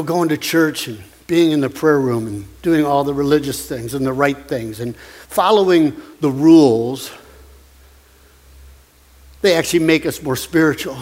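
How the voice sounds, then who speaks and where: A man's voice: on the high side, long reverb tail. A man preaching a sermon as pastor, earnest and conversational, with emphatic repetition.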